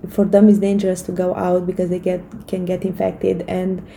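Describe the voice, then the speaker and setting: A woman's voice: fairly low pitch, monotone, moderate pace, gravelly, dark tone, slight background noise, low-quality recording. A woman in her thirties giving an earnest, encouraging motivational talk to camera, with frequent fillers and restarts. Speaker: vlogger giving life advice.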